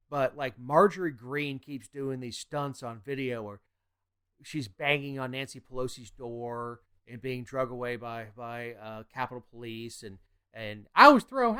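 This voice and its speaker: A man co-hosts a casual political podcast from Georgia. He is blunt and opinionated. His voice is smooth and clean, pitched in the middle. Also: fairly bright tone. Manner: blunt, opinionated, drops into mocking impressions. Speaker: podcast co-host.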